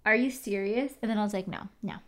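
A woman in casual recap chat, animated, swearing and using many fillers. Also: medium pitch, quick pace.

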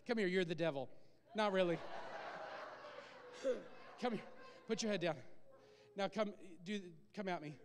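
Animated male preacher, very high voice, laughs often, long hall reverb. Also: normal speed, pauses often, clean tone. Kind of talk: sermon.

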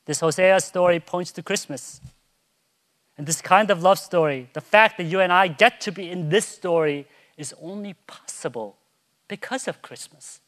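A male pastor delivering a sermon in a rather high voice, shifting between quiet, intimate storytelling and rising, impassioned declarations. He now and then mimics a small child calling out in a bright, high tone. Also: normal speed. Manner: swings from soft, hushed storytelling to loud, soaring proclamation.

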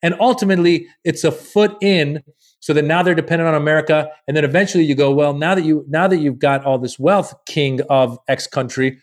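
A man with a fairly high voice, talking a little fast, is a comedian guesting on a relaxed podcast. He's animated and foul-mouthed as he tells a long story, impersonating the people he quotes.

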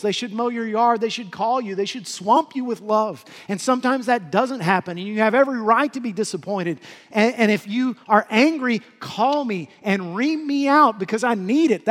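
A male pastor giving an earnest sermon, swinging between loud urging and soft, hushed lines. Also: high voice. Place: church hall. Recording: long hall reverb.

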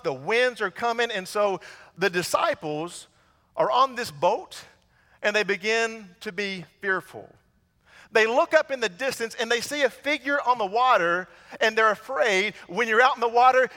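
Male preacher, storytelling sermon, tense bright tone, church reverb. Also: high voice. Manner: storytelling, rhetorical questions to the congregation. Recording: long hall reverb.

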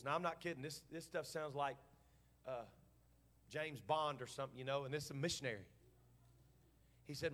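A middle-aged man, preaching a sermon in church, moving between quiet storytelling and shouted, fervent preaching. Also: fairly high pitch, normal speed, long pauses.

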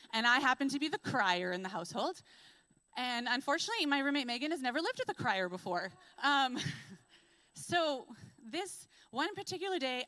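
A young adult woman giving a church sermon, telling stories in a lively way and acting out what people say. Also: fairly high pitch, no room sound. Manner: lively storytelling, acts out quotes. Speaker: preacher.

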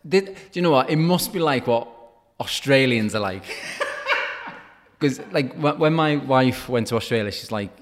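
A man in his thirties in casual chat, easygoing, agreeable and quick to laugh. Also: mid-range voice, lively intonation. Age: 30s. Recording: long hall reverb.

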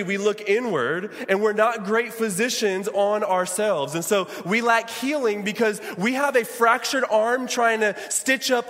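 Man, pastor, sermon, high voice, long church reverb. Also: fairly bright tone. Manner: preaching, calls out to the congregation. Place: church sanctuary.

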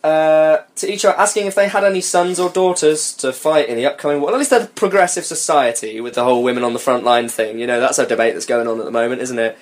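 A man's voice: mid-range voice, fast, few pauses. A young man reading a story aloud on a comedy podcast, breaking off for sarcastic, sweary remarks and frequent laughter.

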